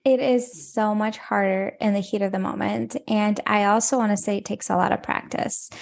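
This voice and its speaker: A woman's voice: medium pitch, fairly even intonation, moderate pace, vocal fry. A woman hosting a parenting podcast, encouraging listeners directly. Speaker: podcast host. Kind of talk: podcast talk.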